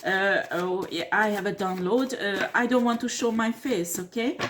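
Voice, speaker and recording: A woman speaks at normal speed in a steady, slightly bright mid-range voice, hardly pausing. She's a blunt tarot reader giving a to-camera monologue, swearing, combative, scornfully laughing, and repeating "do you understand?" and "okay?"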